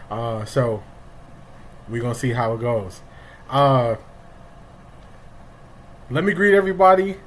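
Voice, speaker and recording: A middle-aged man hosts a loose, talkative live stream, calling out chat names as they come in. His voice sits at an ordinary middle pitch. A faint hiss runs underneath. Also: rough recording. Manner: greets chat viewers by name, loose and talkative. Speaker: livestream sports show host.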